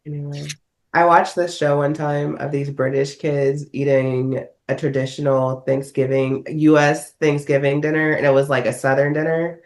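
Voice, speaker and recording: A woman's voice: deep voice, flat delivery, darkish tone. A woman co-hosting a podcast, chatting playfully and teasing. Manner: playful, teasing, quick to mimic others. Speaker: podcast co-host. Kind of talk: casual chat.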